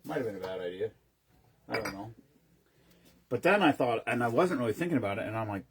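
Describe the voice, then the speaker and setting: A man's voice: lowish voice, animated, a little fast, breathy edge. A man casually chatting on a live stream, rambling between stories and greeting viewers by name as he mixes drinks.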